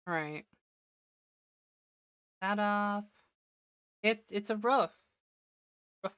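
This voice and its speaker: A woman's voice: mid-range voice, a bit bright, clean tone, dry recording. A woman streamer giving casual gameplay commentary, talking to herself and laughing often, her voice slightly worn. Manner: chatty self-talk, laughs often.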